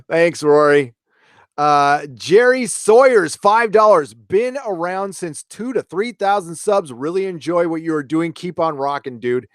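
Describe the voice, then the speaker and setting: Streaming host, male, loose and chatty, swears offhand; somewhat high-pitched, dry home-studio mic. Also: animated, slow pace, no room sound. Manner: rambling, chatty, swears casually. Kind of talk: casual live stream chat, reading viewer comments.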